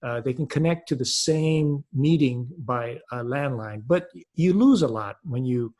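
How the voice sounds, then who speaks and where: A man giving an earnest, explanatory webinar talk over a video call, pausing often to find his words. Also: medium pitch, darkish tone. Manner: earnest and unhurried, with frequent hesitations. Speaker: webinar presenter.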